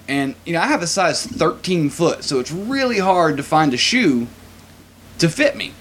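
Animated, laughing male storyteller. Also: a little high, unhurried, a little hiss or hum. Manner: animated storyteller, laughs often, acts out quoted voices. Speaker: podcast co-host. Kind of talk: casual storytelling chat.

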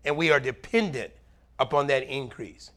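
A middle-aged man preaching a sermon as pastor, animated, swinging between loud highs and quiet low murmurs. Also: moderate pace.

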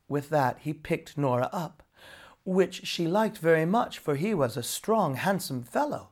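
A narrator reading a folk tale aloud in a storybook reading style. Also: mid-range voice. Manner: expressive, slow storytelling.

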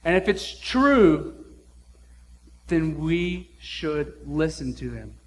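A man's voice: a little high, big pitch swings, drawn-out words. A man preaching a sermon as pastor, blunt and emphatic, with casual slang.

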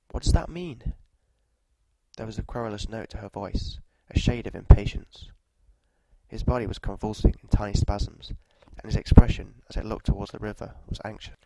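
Gravelly, flat-voiced male storyteller. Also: fairly low pitch, dry recording, rough recording. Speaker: narrator. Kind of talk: scripted story narration with walking directions.

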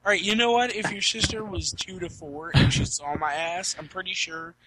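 A man's voice: high-pitched, steady tone, moderate pace, sharp tone, poor audio. A man co-hosting a podcast, talking in a brash, profane, teasing way in casual chat. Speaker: podcast co-host.

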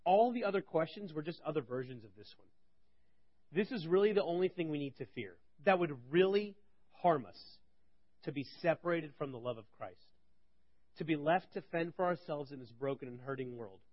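A man's voice: a little high, dry recording. Man teaching the Bible, dry dull audio. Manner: conversational, rhetorical questions, swings between loud and quiet. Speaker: preacher.

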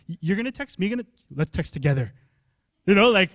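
High-voiced pastor preaching conversationally. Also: male voice, fairly quick, no room sound, clean studio sound. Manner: conversational, animated, asks the congregation questions. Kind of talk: sermon.

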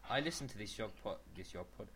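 A man's voice: lowish voice, lively intonation, fast talker, a crowd in the background. A man co-hosting a casual podcast, chatting in a rambling way and often restarting his sentences. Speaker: podcast co-host.

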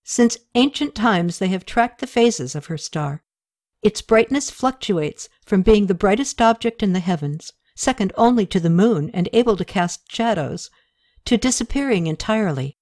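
A woman reading the part of a stern, scheming male high priest, in a grave and insistent manner. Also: animated, moderate pace, a little mellow, natural voice. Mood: explaining.

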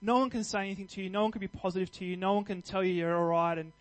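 Male preacher, high voice, earnest and conversational, emphatic at peaks. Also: fairly even intonation, very fast, rough recording. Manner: earnest, conversational, with restarts and fillers; builds to louder emphatic passages. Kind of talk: sermon.

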